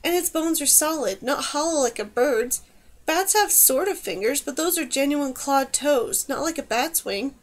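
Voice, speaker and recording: A woman's voice: sits high, expressive, normal speed. A woman voicing a nervous young heroine in an audiobook, protesting and stammering. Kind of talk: audiobook character voice.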